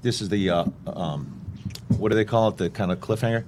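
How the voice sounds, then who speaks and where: A man's voice: fairly low pitch, fairly quick, a little mellow, a little hiss or hum. A middle-aged man, a broadcaster guest on a podcast, teasing and bantering in casual chat.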